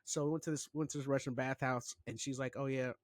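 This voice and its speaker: Animated storyteller man, dry close sound. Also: medium pitch, fast talker, dry recording. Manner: animated, swears freely, slips into mocking quoted voices. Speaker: podcast co-host. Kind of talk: casual storytelling chat.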